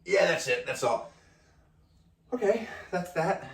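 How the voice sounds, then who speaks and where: A man's voice: high-pitched, expressive, slow pace, vocal fry, reverberant. A man with an Australian accent, filming a casual workout vlog, whining and groaning as he strains through stretches, a bit out of breath. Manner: whiny, self-mocking, groaning through stretches. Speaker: fitness vlogger.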